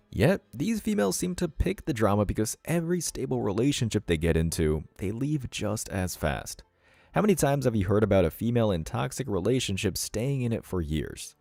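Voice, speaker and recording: A man's voice: lowish voice, sing-song, normal speed, creaky, dark tone, dry recording. A man hosting a reaction commentary, reading out comments and lecturing in a sardonic tone. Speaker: commentary channel host.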